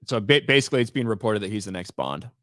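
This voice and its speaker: A man co-hosting a livestream in casual, wry conversation, teasing his partner and giving quick opinions. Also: fairly low pitch, sing-song, fairly bright tone, dry recording, clean studio sound. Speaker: livestream co-host. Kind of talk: casual profane stream chat.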